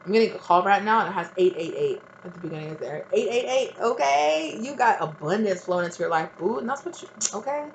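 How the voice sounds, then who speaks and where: A woman's voice: medium pitch, animated, fast talker, few pauses, a little hiss or hum, low-quality recording. Blunt, swearing tarot reader woman. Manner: blunt, emphatic, swears freely; talks straight to the viewer, often adds "right?". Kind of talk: casual spiritual advice monologue.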